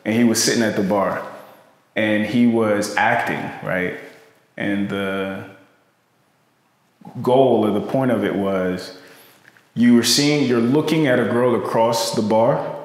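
A man's voice: lowish voice, steady tone, slow, pauses often. A man co-hosting a podcast, telling a story in loose, slangy casual talk. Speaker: podcast co-host. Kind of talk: casual conversation. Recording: very echoey long-reverb room.

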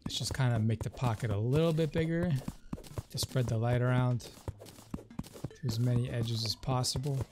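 A man's voice: mid-range voice, fairly even intonation, normal speed, long pauses, background noise. A man giving casual, rambling commentary as he plays a video game. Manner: chatty, rambling asides. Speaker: let's play host. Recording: game music behind the voice.

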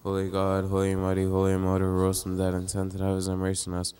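A man reciting church prayers in a fast, flat, chanting monotone during a live-streamed liturgy. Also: sits low, clean tone. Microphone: live stream mic.

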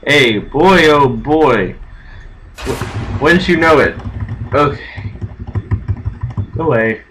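A man playing a game, commenting nervously to himself and haltingly reading on-screen text aloud. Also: mid-range voice, lively intonation, a bit bright, a little hiss or hum, poor audio. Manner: jumpy, nervous self-talk. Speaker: game streamer. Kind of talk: let's-play commentary.

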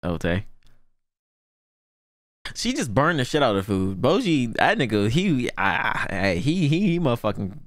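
A young man hosting a casual anime reaction, excitable and slangy, laughing often and breaking into delighted shouts. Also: mid-range voice, unhurried, long pauses, no room sound, clean studio sound.

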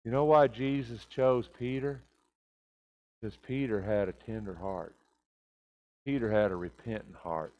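A man's voice: fairly even intonation, measured pace, long pauses, lo-fi sound. Man preaching a confessional sermon. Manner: swings from loud, high emphatic bursts to quiet low confessions. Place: church sanctuary.

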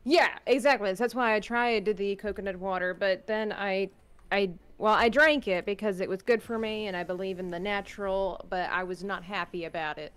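Woman streamer, mid-pitched, playful banter with muttered asides. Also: fairly even intonation, normal speed, fairly bright tone, clear, resonant tone. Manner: playful, jokey, drifts into mumbled asides. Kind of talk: casual chat while gaming.

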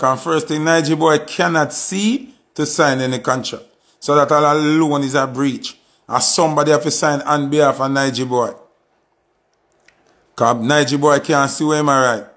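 Speaking with a Jamaican accent, a man whose voice sits on the high side and sounds a bit bright gives an impassioned, pleading monologue full of repetition. He's an artist offering commentary.

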